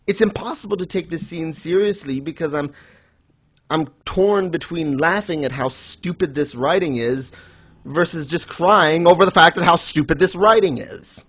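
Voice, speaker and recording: A man's voice: on the high side, normal speed, a bit bright, husky. A man co-hosting a podcast in casual chat, blunt and sarcastic, swearing freely. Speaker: podcast co-host reviewing manga.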